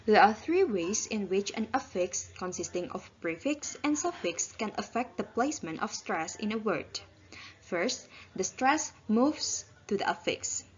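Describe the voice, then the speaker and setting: A woman's voice: mid-range voice, lively intonation, unhurried, lo-fi sound. A young woman with an Indonesian accent, reading a class presentation carefully and spelling out word parts. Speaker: student presenter.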